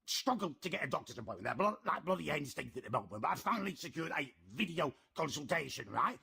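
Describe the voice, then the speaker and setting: Young man, gravelly ranting vlogger, wide swings in pitch, stammering. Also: big pitch swings, quick pace, pushed and bright. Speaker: comedy video creator. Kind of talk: comic vlog monologue.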